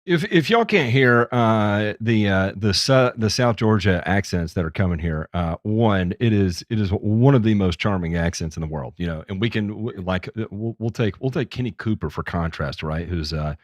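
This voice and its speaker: A man's voice: fairly low pitch, animated, normal speed, hardly any pauses, no echo. A man hosting a casual livestream talk show, teasing his guests and talking in bursts with lots of restarts and fillers. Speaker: podcast host.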